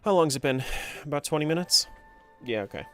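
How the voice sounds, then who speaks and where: A man's voice: fairly high pitch, lively intonation, a little fast, a bit bright, faint music behind. A man chatting casually on a live stream as he plays a game, talking to himself and to chat and laughing often.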